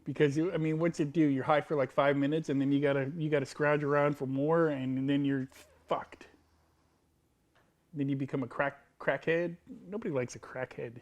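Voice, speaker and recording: A man's voice: fairly high pitch, fairly even intonation, moderate pace. A man from the United States co-hosting a podcast, laid-back and laughing often in casual comedic chat. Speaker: podcast co-host.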